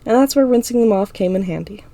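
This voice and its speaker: Mellow gravelly woman narrating. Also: mid-range voice, fast talker, dry recording. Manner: casual, unpolished reading with laughs. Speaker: audiobook narrator. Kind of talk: first-person audiobook reading.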